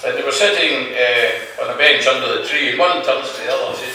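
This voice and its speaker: A man's voice: medium pitch, brisk, hardly any pauses, sharp tone. A man with a Scottish accent doing a stand-up comedy routine, telling jokes in a dry way with restarts and asides. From Scotland. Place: club function room with audience. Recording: very echoey room, far from the mic, noisy.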